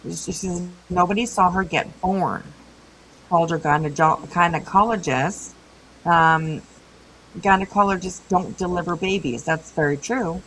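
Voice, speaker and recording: A woman hosting a livestream, chatting casually with viewers and agreeing warmly with her guest. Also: fairly low pitch, unhurried, slight background noise, rough recording. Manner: chatty, agreeable, calls people sweetheart. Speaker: livestream host.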